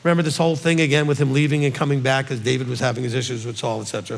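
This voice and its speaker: A man's voice: medium pitch, flat delivery, racing, gravelly, hardly any pauses, in a large hall. A male rabbi reading scripture aloud and teaching from it, in a conversational way that puts questions to his listeners.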